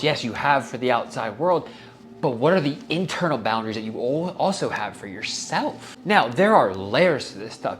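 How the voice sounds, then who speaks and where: A young man talks through self-help ideas in a heartfelt, casual way, swearing now and then and letting his feelings show. His voice sits at an ordinary middle pitch. Soft music plays faintly behind him. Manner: earnest, casual, swears freely, gets emotional. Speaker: wellness podcast host.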